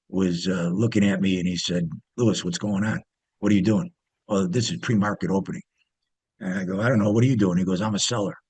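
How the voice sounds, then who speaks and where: In a dry recording, a former pit trader appearing as an interview guest shares stories in a casual, rambling way full of fillers and false starts. He has a deep, husky voice that's a little mellow.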